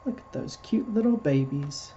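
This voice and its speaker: A man's voice: a little high, expressive, moderate pace, warm tone, muffled recording, slight background noise. A man hosting a children's storytime, reading picture books aloud and patiently explaining words for small children. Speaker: storytime host reading to preschoolers.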